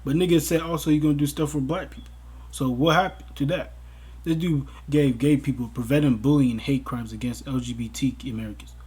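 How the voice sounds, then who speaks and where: Fairly quick and mid-range with a breathy edge, this young man's voice carries a casual, profane commentary rant. As a vlogger, he's exasperated and breaks into outraged, animated outbursts.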